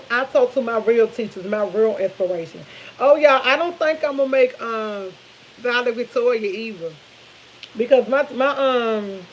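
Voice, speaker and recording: Fairly high in pitch, this woman's voice comes over lo-fi audio with slight background noise. In her fifties, she's a vlogger cooking in her kitchen and chatting casually, full of animated storytelling, laughs, and "y'all" for her viewers.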